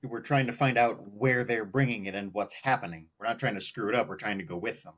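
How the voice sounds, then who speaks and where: A man's voice: on the low side, fast, fairly bright tone. A man playing in a tabletop game, insistently spelling out the group's plan. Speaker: player. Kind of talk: casual chat during a tabletop game.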